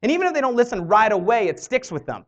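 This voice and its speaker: A woman trainer tells a motivational story in an animated way and acts out what other people said. Her voice sits a bit high and moves all over the place. The recording sounds dull and lo-fi. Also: quick pace. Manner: animated, acts out quoted dialogue. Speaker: network marketing trainer. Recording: dull lo-fi audio.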